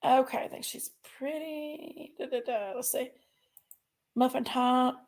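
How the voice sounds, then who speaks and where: A woman's voice: high voice, fairly even intonation, measured pace, a little mellow. A woman hosting a livestream, chatting in a rambling, folksy way and talking to her chat. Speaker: livestream host.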